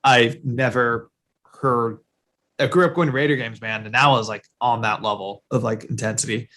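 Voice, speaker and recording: A man's voice: medium pitch, fairly even intonation, moderate pace, fairly bright tone. A man co-hosting a sports podcast in loose, rambling casual chat, with lots of fillers and casual swearing. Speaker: podcast co-host.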